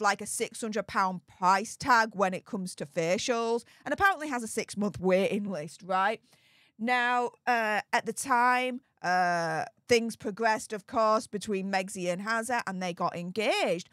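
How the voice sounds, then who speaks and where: A woman's voice: fairly high pitch, fairly bright tone, no room sound, clean studio sound. Chatty woman dishing celebrity gossip. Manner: chatty, dramatic, drawn-out emphasis. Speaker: commentary channel host. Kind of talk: casual celebrity gossip commentary.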